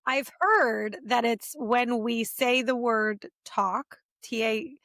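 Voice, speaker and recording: A woman with a Philadelphia accent, co-hosting a casual chat and telling animated stories in which she acts out the quotes. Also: a little high, slow, no echo. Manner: animated storyteller, acts out quotes, laughs often. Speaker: co-host. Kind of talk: casual chat over drinks.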